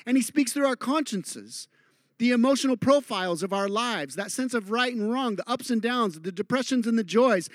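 A male pastor preaching a sermon in a tent service, animated, swinging between loud and quiet delivery. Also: sits high, no room sound, studio quality. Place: outdoor tent church service.

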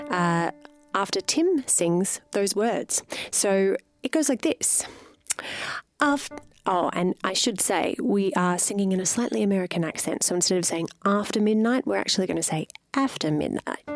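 A woman's voice: medium pitch, moderate pace. A woman hosting a chat and then patiently teaching vocal harmonies, counting the singers in. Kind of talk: casual chat and singing lesson.

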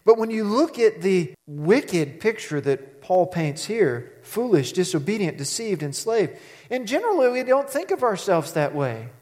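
A pastor preaches in a conversational, storytelling way, leaning hard on key words for drama. His voice sits a little high for a man. A long reverb trails after him through the hall. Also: very animated, a little slow, a little mellow. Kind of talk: sermon.

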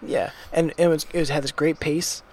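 A man's voice: fairly high pitch, fairly even intonation, normal speed, a little mellow. A man co-hosting a casual film podcast, musing aloud in an easygoing way. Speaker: podcast co-host.

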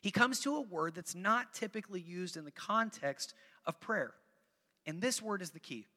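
A man's voice: high-pitched, animated, normal speed, bright, forceful tone, in a large hall. A man preaching a sermon as pastor, talking to the congregation in a conversational way, repeating phrases for emphasis and coaxing people to join in.

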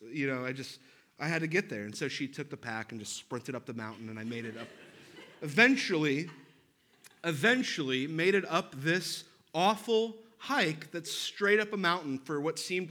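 A man in his thirties, a pastor, preaching with a lively personal story and self-deprecating humor. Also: medium pitch.

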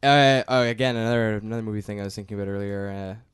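A man's voice: on the low side, steady tone, racing, clear, resonant tone, no echo, studio quality. A man in casual conversation about movies and shows, opinionated and blunt, swearing casually. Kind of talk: casual chat.

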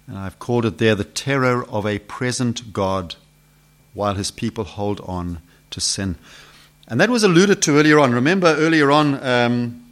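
A man preaching an expository sermon, posing rhetorical questions to his listeners and swinging from loud emphasis to hushed questions. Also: mid-range voice, normal speed.

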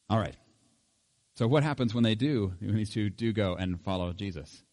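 Low-voiced man teaching scripture conversationally. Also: a little mellow. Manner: conversational, chuckling, with frequent fillers. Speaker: Bible teacher. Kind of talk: informal Bible teaching.

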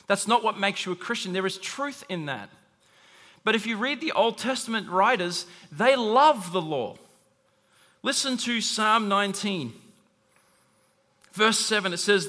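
A man preaching a sermon with a high, bright and forceful voice. He talks in an animated way and acts out quick voices for the people he quotes. His voice rings out with a long hall reverb. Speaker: pastor.

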